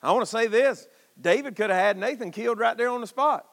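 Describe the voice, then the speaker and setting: High-pitched gravelly preacher. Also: male voice, fairly quick, big-room sound. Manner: impassioned, folksy, calls out to congregation. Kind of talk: sermon. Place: church sanctuary.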